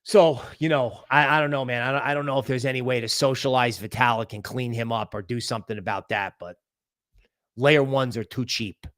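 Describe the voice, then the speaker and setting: A man hosting a crypto livestream, giving market commentary in an excitable, rambling way and thinking aloud as he goes. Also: mid-range voice, quick pace, few pauses, no echo, studio quality. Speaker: crypto channel host.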